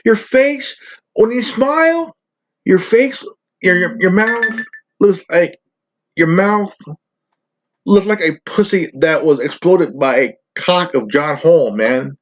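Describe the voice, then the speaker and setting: A man's voice: high voice, expressive, slow. A man hosting his own channel, ranting profanely in a rambling, stammering way. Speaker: channel host. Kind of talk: ranting vlog. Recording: dull lo-fi recording.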